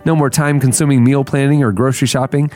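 A man's voice: mid-range voice, steady tone, fast talker, a little mellow. A man hosting a podcast, running segments and reading an ad in an upbeat, casual way. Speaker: podcast host. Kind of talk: casual podcast chat and read ads.

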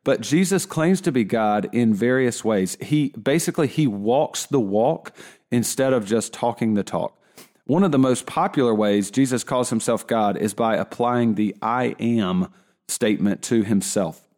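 Guy teaching bible stuff, chatty, restarts a lot, average pitch. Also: animated, darkish tone. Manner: conversational, restarts and asides, slows for emphasis. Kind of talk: casual teaching talk.

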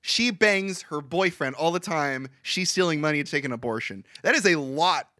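A man co-hosting a casual podcast, retelling a movie with wry, animated asides. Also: a little high, normal speed, no room sound, clean studio sound. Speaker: podcast co-host. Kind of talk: casual movie recap chat.

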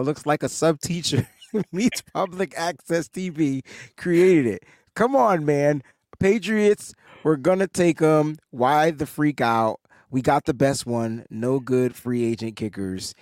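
A man's voice: on the high side, darkish tone, no room sound. Co-host, man, mid voice, easygoing and laughing, dry close sound. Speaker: podcast co-host. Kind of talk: casual panel chat.

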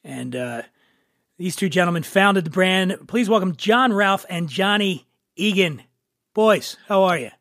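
A man's voice: high-pitched, expressive, a little slow, fairly bright tone, no room sound, studio quality. Jokey rambling podcast host, a man. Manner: jokey, rambling, self-mocking. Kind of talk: casual podcast talk.

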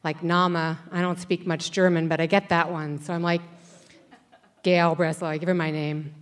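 A woman's voice: deep voice, little pitch movement, a little fast. A woman in her sixties telling a wry personal story on a stage before a live audience, acting out the voices of the people in it. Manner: conversational, wry, acts out voices.

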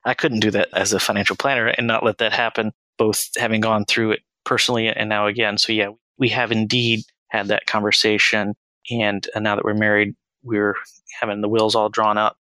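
A man in his thirties, a financial planner as podcast guest, speaking in an earnest, measured and reflective way. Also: on the low side, little pitch movement, bright, forceful tone, dry recording, low-quality recording. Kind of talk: conversational interview.

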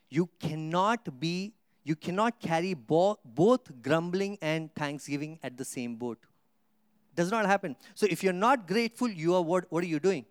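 Pastor preaching with soaring emphasis. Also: male voice, dry recording, studio quality. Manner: preaching with rhetorical questions to the congregation; swings from soft low asides to loud emphatic Scripture reading. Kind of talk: sermon.

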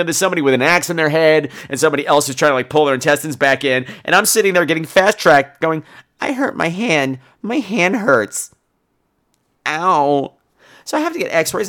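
A man's voice: on the high side, a bit bright. A man hosting a podcast, telling a profane, theatrical comic story. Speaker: podcast host.

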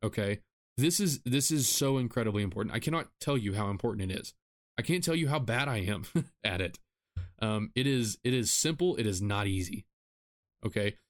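A man hosting a solo podcast, talking earnestly in a repetitive, self-deprecating way and sounding tired after a rough week. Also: lowish voice, expressive, a little fast. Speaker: podcast host. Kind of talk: solo podcast advice monologue.

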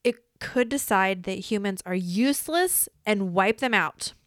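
A woman's voice: medium pitch, expressive, a bit bright, dry recording, studio quality. A woman hosting a casual podcast, reading answers aloud and reacting with curses, laughs and mock alarm. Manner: bursts of quick talk. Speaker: podcast host.

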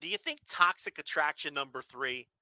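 A blunt, sarcastic man co-hosting a podcast. His voice is fairly high and very bright and sharp, and it sounds dry and close. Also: lively intonation, moderate pace, dry recording. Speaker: podcast co-host. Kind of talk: casual chat.

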